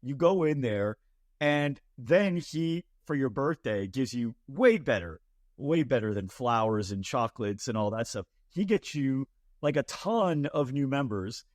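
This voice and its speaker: A man's voice: medium pitch, animated, a little slow, no echo, studio quality. Playful man hosting an interview. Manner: playful, laughs often. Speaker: podcast host. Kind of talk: casual interview.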